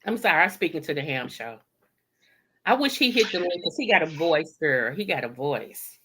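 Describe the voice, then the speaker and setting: Bright-voiced chatty woman on a live stream. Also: low-pitched, very animated, normal speed, breathy edge. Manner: chatty, keeps saying "you know what I'm saying". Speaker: guest on a live show. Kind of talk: casual live-stream chat.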